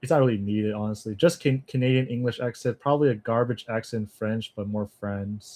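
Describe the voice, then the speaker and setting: A man chats loosely with his viewers on a livestream, often breaking into laughter. His talk wanders, with half-finished thoughts and quick asides. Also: fairly low pitch, mellow. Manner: chatty, laughs often, thinks aloud with trailing asides. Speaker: language-learning streamer. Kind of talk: casual livestream chat with viewers.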